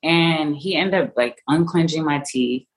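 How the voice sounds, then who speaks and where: A young woman recounting a hard personal experience in conversation, halting and full of fillers and restarts, her voice often soft and trailing off. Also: deep voice, low-quality recording. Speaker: interview guest.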